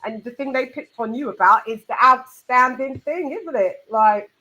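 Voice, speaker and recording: A woman's voice: high voice, moderate pace, bright, forceful tone, a little hiss or hum, low-quality recording. A woman hosting a casual boxing chat livestream, bantering and laughing as she talks. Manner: chatty, laughing, swearing banter. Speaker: host.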